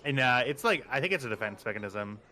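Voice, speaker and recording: A man chatting casually and then narrating as game master, rambling and animated with many fillers. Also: mid-range voice, fast.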